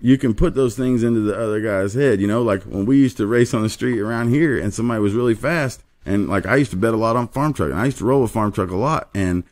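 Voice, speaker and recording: A man's voice: on the low side, fast, hardly any pauses, a little mellow. A middle-aged man hosting a podcast in casual chat, rambling through stories and acting out the people he quotes, with plenty of swearing. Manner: rambling storyteller, profane, acts out the people he quotes. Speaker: podcast host.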